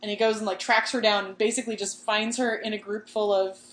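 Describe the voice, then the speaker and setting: A woman's voice: mid-range voice, level tone, fast talker, reverberant, slight background noise. A young woman in casual podcast chat, retelling a book and acting out the quoted lines with giggles.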